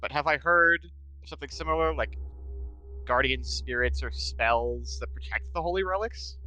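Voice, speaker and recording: A man's voice: medium pitch, normal speed, pushed and bright. A man playing a tabletop role-playing game, speaking partly in character in an earnest, formal way. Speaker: player.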